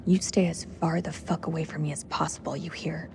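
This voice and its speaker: An actress playing a tough, bitter military officer who speaks hard and curt. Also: female voice, low voice, level tone, brisk, gravelly. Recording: game dialogue with noisy ambience.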